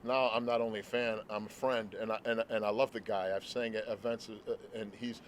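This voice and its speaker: A male show host speaking warmly and heartfelt to his guest, outdoors at a stadium. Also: lowish voice, level tone, fairly quick, slight background noise. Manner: effusive and heartfelt. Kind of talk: casual interview chat.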